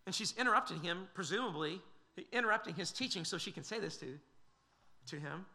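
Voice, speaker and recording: A man's voice: high voice, lively intonation, a little fast, bright, forceful tone. A man preaching a sermon, earnest and questioning, with frequent fillers and restarts.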